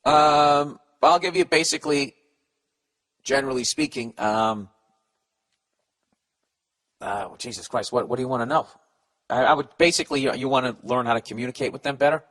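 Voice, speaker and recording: A very animated man with a medium-pitched, fairly bright voice talks at normal speed but pauses often. As a comedy podcast host, he stumbles through listener letters and responds with a profane, rambling, blunt advice rant.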